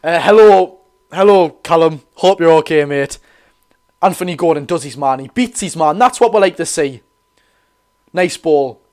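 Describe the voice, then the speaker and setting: A man's voice: a little high, lively intonation, moderate pace, a little mellow. A man with a Geordie accent hosting a live football watch-along, giving chatty commentary, correcting himself and greeting viewers.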